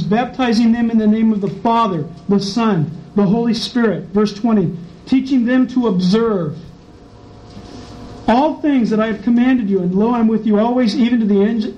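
A middle-aged man, preaching a sermon full of personal stories, acting out voices as he goes. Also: extremely high pitch. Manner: animated storyteller, acts out voices and laughs. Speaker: pastor. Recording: slightly dull, faint background noise.

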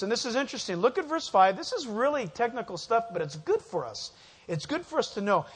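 Male pastor, high voice, emphatic sermon style, asks the room to finish his sentences. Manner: emphatic, asks the congregation fill-in questions. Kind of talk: sermon, verse-by-verse Bible teaching.

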